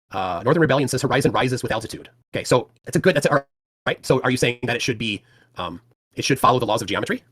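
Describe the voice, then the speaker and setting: Guy hosting a stream, talks fast, stumbles and restarts a lot, bit husky. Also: mid-range voice, fairly bright tone. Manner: hesitant, many restarts and fillers. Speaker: livestream host. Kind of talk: casual livestream talk.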